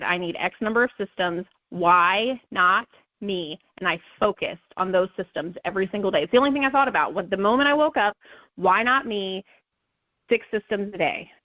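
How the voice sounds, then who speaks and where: A mid-pitched woman delivers a forceful, repetitive pep talk to her sales team, dropping "okay" and "right" constantly. There's no echo, but the high frequencies are cut off.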